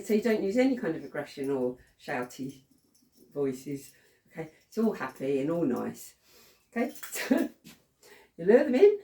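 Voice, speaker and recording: A woman's voice: medium pitch, mellow. Chatty woman dog trainer, echoey room. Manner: chatty, laughs often, says okay a lot. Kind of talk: casual demonstration lesson. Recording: roomy sound from a distant camera mic.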